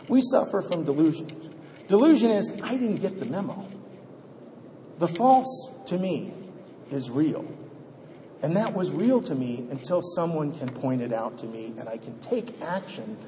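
A man's voice: fairly high pitch, a little mellow, a little hiss or hum. A middle-aged man telling a self-mocking story to a meeting, with exasperated outbursts. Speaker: speaker at a recovery meeting. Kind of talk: storytelling talk. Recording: reverberant hall, faint background ambience.

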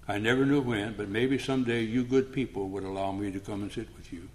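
A man's voice: fairly low pitch, fairly even intonation, brisk, hardly any pauses. An older man speaking at a recovery meeting, telling his story in a plainspoken, humorous way. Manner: humorous, plainspoken, acts out past conversations.

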